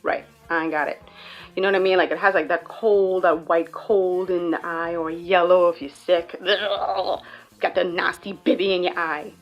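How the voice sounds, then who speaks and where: Playful Bahamian woman, lowish voice. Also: moderate pace, lo-fi sound, soft background music. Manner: playful, joking, animated storytelling. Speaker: YouTuber. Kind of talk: casual explainer vlog.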